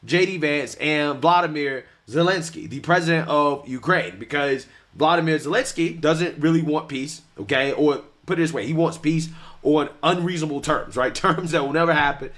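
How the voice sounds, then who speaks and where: A man's voice: on the high side, normal speed, fairly bright tone. A man giving casual political commentary, often laughing lightly and asking "right?" as he goes. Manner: chuckles through his points, tags lines with "right?".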